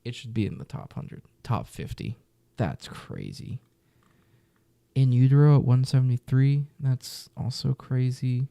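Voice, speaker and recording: A man's voice: medium pitch, lively intonation, a little slow, creaky, dark tone, dry recording. A man reacting casually to a music list, muttering exasperated, profane comments with whispered asides.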